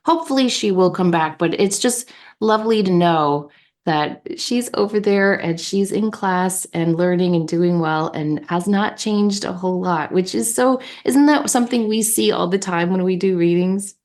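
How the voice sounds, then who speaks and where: A woman co-hosting a podcast, telling a personal story in a casual, animated, anecdotal way. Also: on the low side, moderate pace. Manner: animated, anecdotal, warm laughter. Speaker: podcast co-host.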